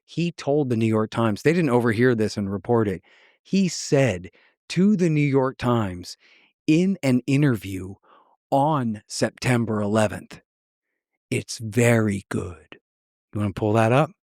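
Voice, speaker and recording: A man's voice: mid-range voice, lively intonation, measured pace, a little mellow, dry recording, clean studio sound. A man being interviewed on a podcast, talking bluntly and sarcastically, mocking the people he quotes as he tells his story. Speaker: guest.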